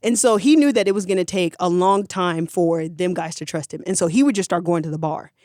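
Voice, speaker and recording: Animated slangy comedic storyteller. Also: mid-range voice, brisk, no echo, clean studio sound. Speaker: podcast storyteller. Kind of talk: comedic history retelling.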